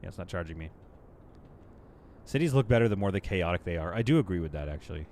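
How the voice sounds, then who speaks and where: A man's voice: low voice, lively intonation, quick pace, a little mellow, a little hiss or hum. A man streaming live gameplay, chatting casually to his viewers and to the game as he builds. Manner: chatty, talks to the game and to chat, playful asides.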